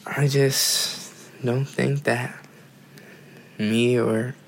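A teenage boy speaks quietly and slowly as a podcast guest. His short, hesitant answers sound flat and a little gravelly, with faint noise behind him. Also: medium pitch, poor audio. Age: teens. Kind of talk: podcast conversation.

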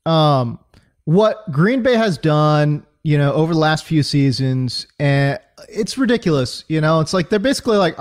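A man with a high, lively voice co-hosts a casual sports podcast. He rants in bursts, full of fillers and repeated words. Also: normal speed. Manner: animated ranting with many fillers and repeats. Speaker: fantasy football podcast co-host.

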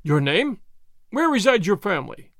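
An excitable young nobleman, as a male reader puts him on shouts eager questions. His pitch rides high and jumps about, in a dry, close sound. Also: normal speed, vocal fry, no room sound, full character voice. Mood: excited. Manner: excited outbursts.

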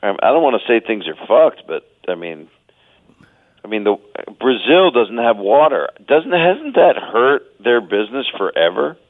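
A man's voice: medium pitch, big pitch swings, normal speed, no echo. Man in his sixties on a tinny phone line. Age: 60s. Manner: loose, crude, laughing storytelling. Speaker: guest comedian. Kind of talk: casual radio chat.

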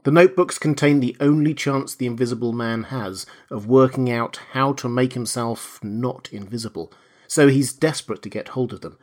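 A man reads a classic novel aloud as an audiobook. His delivery is measured and expressive, with a mid-range voice. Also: medium pitch. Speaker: reader. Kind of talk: audiobook narration.

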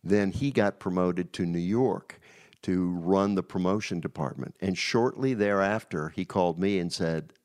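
An older man from Texas, a guest telling rambling, animated stories in a casual interview. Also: low-pitched, moderate pace. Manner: rambling, restarts, animated storyteller.

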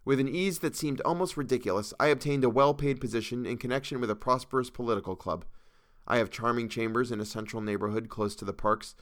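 A man reading a first-person tale aloud in a measured, earnest storytelling manner. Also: medium pitch, dry recording, clean studio sound. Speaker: audiobook reader. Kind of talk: first-person audiobook narration.

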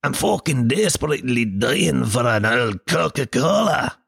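A man's voice: medium pitch, very animated, unhurried, vocal fry, a bit bright, husky, no room sound, clean studio sound, heavily acted. A man putting on a Scottish accent, playing a swearing man desperate for a drink. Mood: craving. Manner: exaggerated, craving, swearing.

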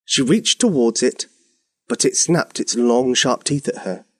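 Animated man telling a bedtime story. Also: mid-range voice, measured pace, breathy edge.

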